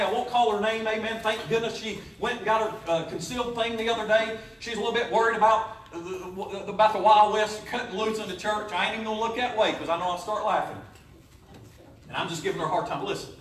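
A pastor, preaching a folksy, joking sermon in a church. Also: male voice, high-pitched, quick pace, slight background noise. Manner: folksy, joking preaching with sudden loud rises. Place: church sanctuary. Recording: echoey church, voice from a distance.

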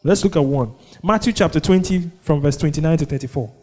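A man's voice: on the high side, fairly quick, dark tone. A man with a Nigerian accent preaching a sermon, who keeps asking the congregation "what?" so they finish his sentences. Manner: call-and-response preaching, prompting the congregation with "what?". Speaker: pastor.

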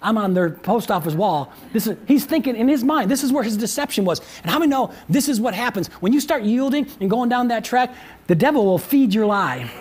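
A pastor preaching a sermon in an animated way, with frequent restarts and laughing asides. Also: mid-range voice, fairly quick.

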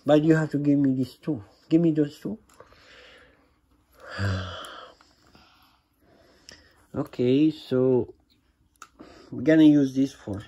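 A man talking to his small daughter at home in a home vlog, patient and gently coaxing, in simple broken English. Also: mid-range voice, husky, lo-fi sound. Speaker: father filming his young daughter. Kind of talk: casual home vlog talk to a child.

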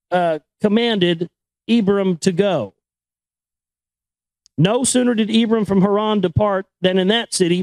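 High-voiced man reading with stumbles. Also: darkish tone, no echo, poor audio. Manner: stumbles over names and words, self-corrects, irreverent asides. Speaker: reader and commentator. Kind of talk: book reading with casual commentary.

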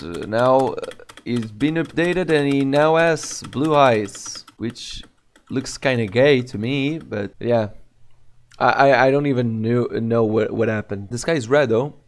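Gamer, male, mid-pitched, swears freely and mocks the characters as he plays. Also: unhurried. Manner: profane, excitable, mocking. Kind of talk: gameplay commentary.

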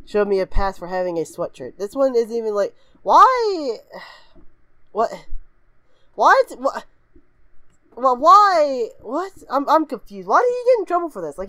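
A woman hosting a reaction video, reading aloud haltingly, giggling and breaking into shrieking laughter and goofy voices. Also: mid-range voice, dry recording. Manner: frequently puts on goofy voices of kids. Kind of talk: casual reaction commentary.

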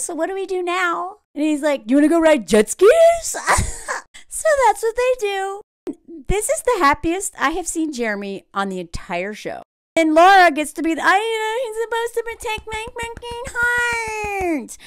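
Blunt, animated woman with a high voice. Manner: blunt, animated, mocking impressions with laughs. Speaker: reality TV commentator. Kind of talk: casual reaction commentary.

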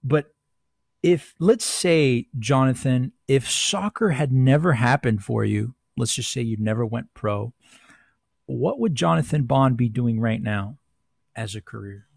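Male podcast host, gravelly voice, dry close sound, upbeat and friendly. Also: medium pitch, a little slow, a little mellow, no room sound. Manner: enthusiastic, friendly, says "man" and "dude". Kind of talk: casual interview chat.

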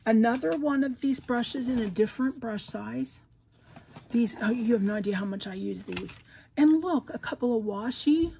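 A middle-aged woman casually chatting at home as she opens craft mail, gushing and jumping to squealing highs when excited. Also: moderate pace, gravelly, a little hiss or hum. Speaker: craft vlogger opening friend mail. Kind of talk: casual chat.

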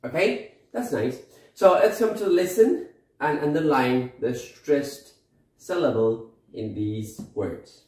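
Guy teaching slowly, keeps asking okay? right?, echoey room. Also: medium pitch, lively intonation, a little mellow. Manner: slow explanatory teaching, frequent "okay?" and "right?" checks. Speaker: English teacher. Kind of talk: recorded online English lesson.

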